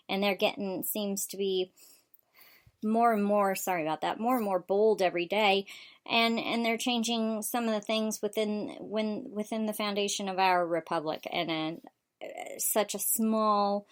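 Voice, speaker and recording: A woman from the United States hosting a political talk show, delivering a rapid, opinionated monologue full of fillers and restarts. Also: mid-range voice.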